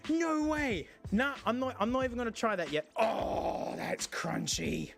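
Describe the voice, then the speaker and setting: Excitable man, high lively voice. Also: creaky, soft background music. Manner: excitable, jokey, quick bursts of laughter. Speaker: tech channel host. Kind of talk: casual chat.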